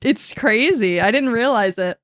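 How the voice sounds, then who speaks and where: A woman's voice: a little high, expressive, measured pace, a bit bright, dry recording, clean studio sound. A young woman streaming and chatting casually with her viewers, loose, giggly and self-mocking. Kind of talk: casual chat with a live chat.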